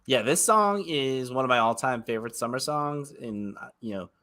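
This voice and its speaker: A man in his thirties co-hosts a podcast in easy, excited chatter, his mid-pitched voice bright and sharp. He strings his thoughts together with plenty of filler words. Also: moderate pace. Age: 30s. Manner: enthusiastic, heavy on filler words. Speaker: podcast co-host. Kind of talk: casual chat.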